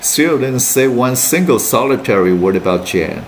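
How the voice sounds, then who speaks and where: A man's voice: mid-range voice, moderate pace, a little hiss or hum. Man reading a novel aloud for students. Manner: steady, plain read-aloud narration with brief Mandarin asides. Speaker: English teacher.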